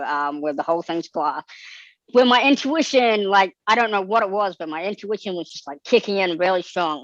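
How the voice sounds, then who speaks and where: A male guest raised in Australia, telling stories in a casual interview, animated and giddy, acting out quoted lines. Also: high voice, no echo, highs cut off.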